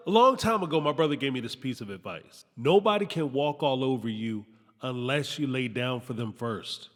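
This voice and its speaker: A man hosting a reality TV review, talking in an animated, sarcastic, slangy commentary style. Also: mid-range voice, moderate pace, in a large hall. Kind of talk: commentary monologue.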